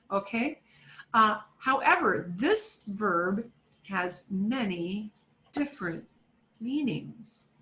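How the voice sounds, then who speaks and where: In a mid-range, slightly bright voice, a woman runs an online beginner Spanish lesson over video call, talking chattily and repeating herself, with fillers, self-corrections and switches between English and Spanish.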